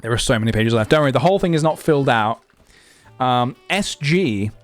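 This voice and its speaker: A man's voice: mid-range voice, lively intonation, brisk, dry recording, faint music behind. A young man live-streaming, chatting casually and thinking aloud with lots of fillers as he goes.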